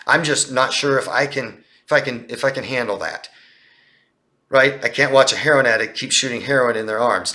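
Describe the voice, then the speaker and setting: A man coaching viewers through a live Q&A, with a bright, forceful voice. He talks emphatically, firing off rhetorical questions and pressing his points home. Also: mid-range voice. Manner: emphatic, rhetorical questions, acts out quoted lines in a raised voice.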